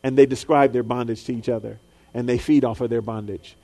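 A man preaching a sermon, dropping low and soft, then rising high and loud, and acting out the voices of people in his stories. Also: steady tone, a little fast, gravelly. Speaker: pastor.

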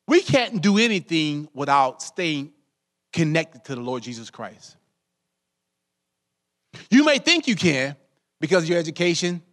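High, animated preaching man. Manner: lively preaching, addresses congregation as saints, call-and-response questions. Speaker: pastor. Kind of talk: sermon.

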